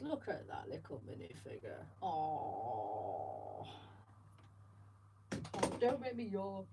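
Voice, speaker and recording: A woman's voice: fairly low pitch, sing-song, slow, long pauses. A woman chatting in a rambling, self-deprecating way while she builds, talking to viewers. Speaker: livestream host building Lego. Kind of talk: casual chat while building. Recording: distant mic with faint background noise.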